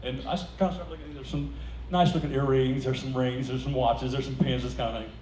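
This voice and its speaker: A man's voice: mid-range voice, a little fast. Man telling anecdotes at an event, laughing as he goes, picked up from across a roomy hall with faint noise behind. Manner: animated anecdote-telling, laughing through punchlines. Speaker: speaker at a celebration. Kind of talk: storytelling speech to a live audience. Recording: echoey room heard from a distance, faint background noise.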